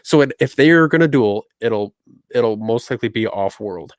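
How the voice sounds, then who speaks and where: Casting note: male podcast co-host, dry close mic, mid-pitched, eager fan chatter. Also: normal speed, dry recording. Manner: animated, speculative fan talk. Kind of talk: casual chat.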